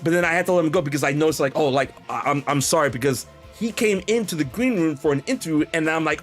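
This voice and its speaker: Animated rambling man telling a story. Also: a little high, quick pace, few pauses, soft background music. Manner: animated, rambling with many restarts and quoted dialogue. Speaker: podcast host. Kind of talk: casual storytelling chat.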